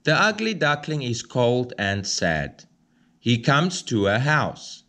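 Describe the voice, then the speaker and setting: A man reading a children's picture book aloud, slow, clear and expressive. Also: mid-range voice. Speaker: storybook reader.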